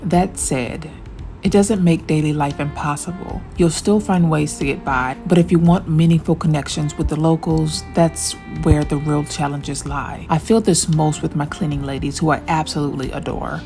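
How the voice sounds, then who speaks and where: Deep, warm woman narrating a voice-over. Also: steady tone, creaky. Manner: measured, explanatory. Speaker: vlogger narrating. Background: faint music.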